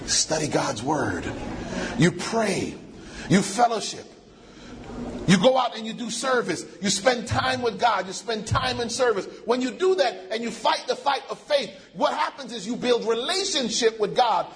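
A man's voice: very high-pitched, animated, unhurried. A man preaching a sermon, emphatic and repetitive, drawing call-and-response from the congregation.

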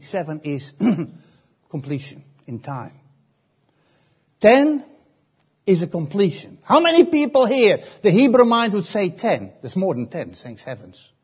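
A man preaching a sermon, slow and emphatic, often repeating phrases and pausing. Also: sits high, slightly rough.

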